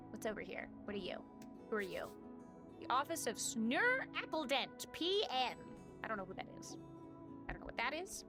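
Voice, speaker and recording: A woman streaming a game live, chatting casually and reading game text aloud, swearing and joking about herself. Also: a little high. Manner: chatty, self-mocking, swearing.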